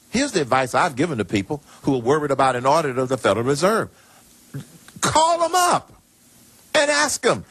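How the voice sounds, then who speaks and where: A man speaking as a guest in a replayed radio clip. He has a husky voice with a lively, rising and falling pitch, and he explains things in a measured, reassuring way. The sound is dry. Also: dry recording.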